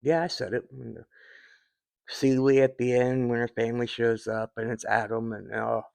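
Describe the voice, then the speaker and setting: Here a fifties-aged man addresses his viewers at normal speed, his medium-pitched voice showing little pitch movement, vocal fry, and a slightly mellow quality, with no room sound. The talk is personal and rambling, sincere, and peppered with fillers and restarts.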